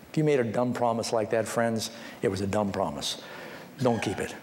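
This pastor's voice is a little mellow, fairly quick, and fairly even in intonation as he preaches, though he uses big pitch swings when acting out the people in his stories. He ends by pleading directly and personally with his audience, heard through hall reverb with faint background noise.

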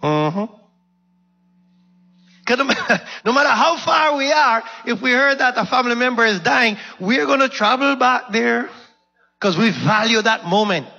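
A man who is a minister, preaching a sermon slowly and emphatically and asking the congregation questions. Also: extremely high pitch, animated, gravelly, pushed and bright, husky. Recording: dull sound with long hall reverb.

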